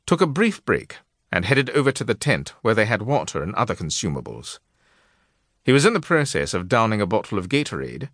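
Lowish male audiobook narrator. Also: a bit bright, no room sound, clean studio sound. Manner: measured storytelling. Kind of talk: scripted narration.

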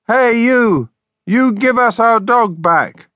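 A man voicing a bold, boastful young schoolboy twin in a children's storybook, shouting excitably. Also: fairly high pitch, normal speed, no echo, muffled recording, pitched above the performer's own voice. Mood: alarmed.

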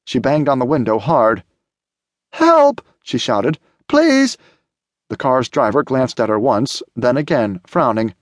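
A man's voice: mid-range voice, normal speed, few pauses, no room sound. Male narrator, dry studio read. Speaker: audiobook narrator. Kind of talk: scripted narration.

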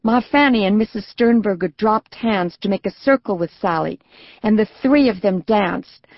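A woman narrating a children's audiobook in a gentle, even manner. The sound is close and dry, with a slightly muffled tone. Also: medium pitch, normal speed, no room sound. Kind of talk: scripted narration.

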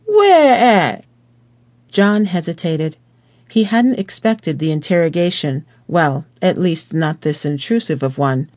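Slow, measured male audiobook narrator. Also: fairly high pitch, a little mellow, no room sound. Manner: slow, measured, deliberate reading.

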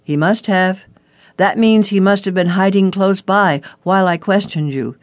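A stern, guarded male police detective from a storybook audiobook, as the narrator drops the voice lower for him. He speaks in a measured, serious way, and the recording is close and dry. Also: no echo, natural voice. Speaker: detective character. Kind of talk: audiobook character reading.

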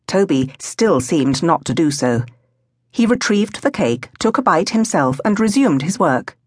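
A woman reading a novel aloud as an audiobook narrator, in a measured way. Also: on the low side, very animated, slightly rough, no echo, clean studio sound. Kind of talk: scripted narration.

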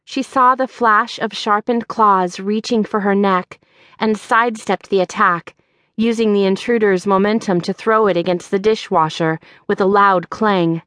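A woman narrates an audiobook from a script, keeping her storytelling measured and even. Her medium-pitched voice comes through clean, studio-recorded and free of echo.

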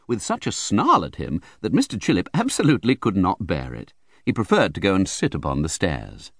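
A man's voice: low-pitched, huge pitch swings, a little fast, a bit bright, dry recording. A man narrating a classic novel as an audiobook with vivid, theatrical storytelling. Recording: dry close studio recording.

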